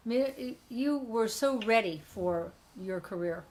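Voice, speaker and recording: A woman's voice: fairly high pitch, lively intonation, measured pace, a little mellow, slight background noise. Chatty woman hosting a live stream. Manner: laughing, chatty, teasing. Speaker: host. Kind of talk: casual live-stream chat.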